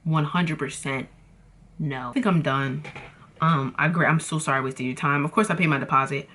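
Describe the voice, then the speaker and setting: Animated young woman telling a storytime. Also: sits low, brisk, a little hiss or hum. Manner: animated, dramatic, slangy, addresses viewers as y'all. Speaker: vlogger. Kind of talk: casual storytime chat.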